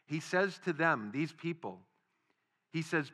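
Male pastor, bright tone, emphatic sermon delivery with big swings in volume. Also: a little high, expressive, slow pace, pauses often. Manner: emphatic, rising to loud stresses then dropping quiet.

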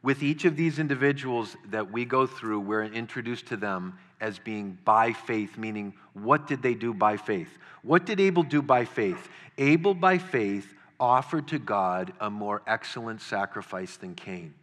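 Bright-voiced male preacher in reverberant hall. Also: fairly low pitch, measured pace, few pauses. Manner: earnest, with repeated words and acted-out quotes. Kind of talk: sermon.

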